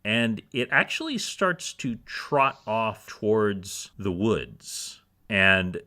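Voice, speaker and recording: A man narrating a tabletop role-playing game as game master, telling the scene with casual fillers. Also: fairly low pitch. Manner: slow, lively storyteller with fillers.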